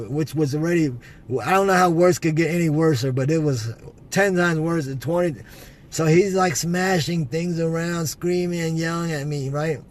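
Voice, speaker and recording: A man telling an emotional personal testimony to his viewers, earnest and halting, with many restarts and a repeated "man". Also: a little high, a little mellow, slight background noise. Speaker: vlogger sharing a personal testimony.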